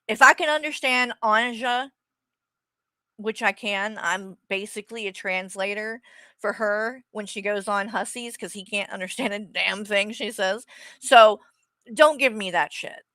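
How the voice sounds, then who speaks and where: A woman's voice: medium pitch, unhurried, sharp tone, dry recording. A woman streamer ranting casually to her viewers in a blunt, sarcastic way and swearing freely. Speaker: streamer host.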